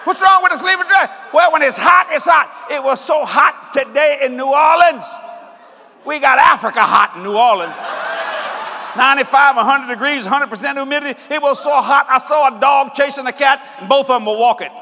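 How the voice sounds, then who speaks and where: A male preacher giving a sermon in an animated, joking way, often breaking into shouts. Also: extremely high pitch, fairly quick, long reverb tail, a faint crowd, a little hiss or hum.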